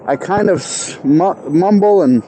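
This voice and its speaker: A man talks casually to camera outdoors, working hard to pronounce every word clearly. His voice is high yet mellow. Faint city traffic hums in the background. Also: lively intonation, takes it slowly, poor audio. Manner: self-aware, trying hard to enunciate. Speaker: vlogger. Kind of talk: casual self-talk vlog. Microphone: clip-on mic.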